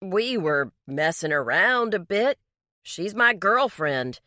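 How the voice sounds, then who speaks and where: A woman's voice: medium pitch, big pitch swings, takes it slowly, bright, forceful tone, dry recording, studio quality, exaggerated voice. A woman voicing a frightened, defensive young male mechanic, talking in a raised, anxious way. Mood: flustered, defensive.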